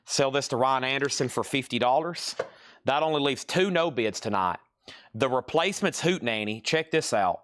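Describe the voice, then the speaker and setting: A man hosting a live record sale, briskly calling out items and prices and repeating buyers' names. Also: medium pitch, expressive, a bit bright. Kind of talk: live-stream sales patter.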